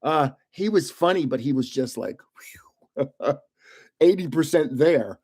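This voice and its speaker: Older man, rambling storyteller, chuckles a lot, slightly high voice. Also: lively intonation, a little slow, a little mellow, breathy edge. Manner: chatty, laughs often, drifts from story to story. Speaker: host of a live card-opening stream. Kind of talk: rambling storytelling on a live stream.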